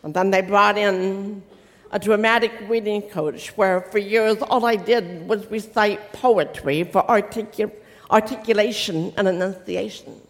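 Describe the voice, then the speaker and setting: A deaf woman delivers a motivational faith talk to an audience. Her speech carries the distinctive, accent-like sound of someone who learned to speak without hearing. She shapes each word slowly and carefully, and her voice trails off into the long reverb of a large hall. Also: mid-range voice, steady tone. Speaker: inspirational speaker.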